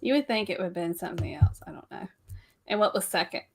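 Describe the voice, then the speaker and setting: A woman's voice: medium pitch, fast, faint music behind. A woman hosting a casual live-stream chat at home, laughing often as she talks. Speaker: host.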